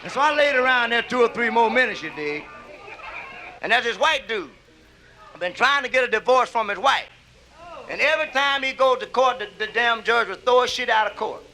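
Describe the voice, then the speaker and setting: A man's voice: extremely high pitch, lively intonation, normal speed, pushed and bright, slight background noise, rough recording. A middle-aged man, telling raunchy stand-up stories in a nightclub and acting out the characters with whoops and laughs. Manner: drawling storyteller, acts out characters with whoops and laughs. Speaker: stand-up comedian. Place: nightclub stage. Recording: live club album recording.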